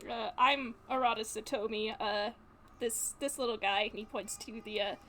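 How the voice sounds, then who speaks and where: This is a woman playing in a tabletop game with a voice on the higher side, giggly and full of ums and uhs as she describes her character. Faint background noise sits behind her. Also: steady tone, normal speed, sharp tone. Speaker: player.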